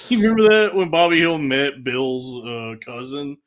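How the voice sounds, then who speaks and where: Man, podcast co-host, medium pitch, giggly, relaxed chatter. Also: unhurried. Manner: giggly, easygoing, reads out shout-outs. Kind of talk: casual comedy chat.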